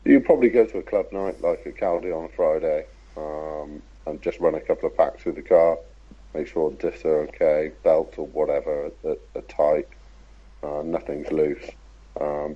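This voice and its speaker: A man, a podcast guest talking casually about racing in a measured, laid-back way with frequent fillers. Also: very deep voice, steady tone, husky, dull audio. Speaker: podcast guest, RC car racer.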